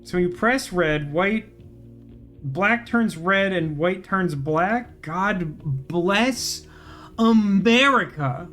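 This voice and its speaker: A man's voice: sits high, takes it slowly, a bit bright, faint music behind. A man giving let's play commentary, thinking aloud as he works through puzzles, with wry, sarcastic asides. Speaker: gaming channel host.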